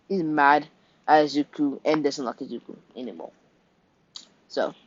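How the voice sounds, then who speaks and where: A man's voice: on the high side, darkish tone, slight background noise. A young man casually retelling an improvised fan story, rambling, correcting himself and dropping offhand asides. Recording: dull lo-fi recording.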